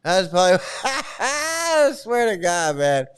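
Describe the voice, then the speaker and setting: Brief: male streamer, slightly high, very smooth voice; scornful, swears, laughs a lot. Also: big pitch swings, takes it slowly. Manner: mocking, profane, laughs often. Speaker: online streamer criticizing a cult. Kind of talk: casual reaction livestream.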